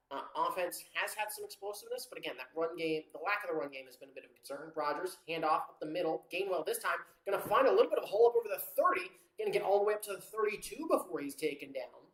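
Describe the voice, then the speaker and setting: Casual and rambling, the watchalong commentator keeps calling the game at a medium pitch, tossing in fillers and correcting himself quickly. The sound is reverberant and the recording rough.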